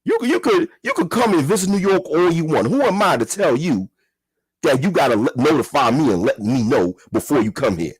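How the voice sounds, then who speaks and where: A man's voice: on the high side, big pitch swings, a little fast, slightly rough, no room sound. A man giving a heated, profane commentary rant, repeating himself and firing rhetorical questions. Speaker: commentary vlogger. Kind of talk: ranting commentary.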